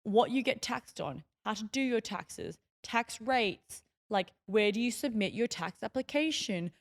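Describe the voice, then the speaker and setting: Young woman, podcast host, chatty and rambling, vocal fry. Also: on the high side, lively intonation, measured pace. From Melbourne, Australia. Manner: chatty, rambling with many fillers. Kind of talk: casual solo podcast storytelling.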